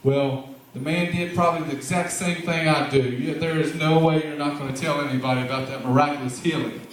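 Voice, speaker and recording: Brisk and fairly high-pitched, with fairly even intonation, a man delivers a homespun, drawling narration of a Bible story at a church play, adding preacher-like asides. The recording comes from a distant camera in a large, very echoey sanctuary, with slight background noise.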